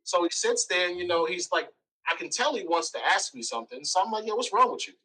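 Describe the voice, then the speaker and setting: A man as an interview guest telling a personal story, animated, acting out quoted lines. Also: high-pitched, a little fast, recorded from a distance, poor audio.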